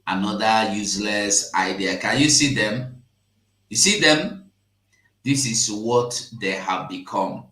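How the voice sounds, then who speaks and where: A man with a Nigerian Pidgin accent hosting a casual live stream, emphatic and repetitive, jumping from loud bursts to hushed asides. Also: on the low side, takes it slowly, echoey room. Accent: Nigerian Pidgin English.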